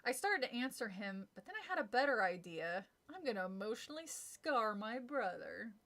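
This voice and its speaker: A woman's voice: a little high, very animated, normal speed, a bit bright. A woman streaming a casual read-aloud of a kids' horror book, chatty and giggly with frequent asides. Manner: giggly, chatty, breaks off to comment and laugh.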